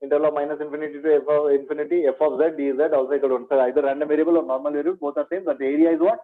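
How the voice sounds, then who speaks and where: A man with a somewhat high voice gives an exam revision lecture in maths. He repeats each point several times, asks rhetorical questions and calls his students "my dear". The recording sounds thin and phone-like. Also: steady tone, racing. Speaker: maths teacher.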